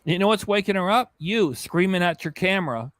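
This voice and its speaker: A man with a notably high speaking voice hosts a reaction livestream in loose, rambling chat. He jokes constantly and drifts into silly voices. The sound is dry and close. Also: animated, fairly quick, a bit bright, no room sound. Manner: jokey, rambling, keeps slipping into silly voices. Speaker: reaction channel host.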